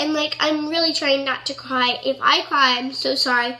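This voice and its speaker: A woman's voice: high voice, fairly even intonation, normal speed, few pauses, pushed and bright. A woman vlogger talking casually to camera, earnest and rambling with lots of "like".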